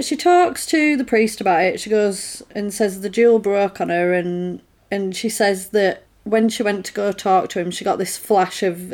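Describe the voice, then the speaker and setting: Chatty woman recapping a show. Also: medium pitch. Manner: chatty, laughs often, acts out characters' lines. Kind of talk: casual TV episode recap.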